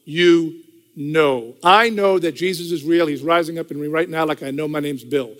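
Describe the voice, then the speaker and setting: A man's voice: fairly high pitch, normal speed. An older man giving a church testimony in a conversational storytelling way, repeating phrases for emphasis. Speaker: testimony speaker. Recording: hall with long reverb.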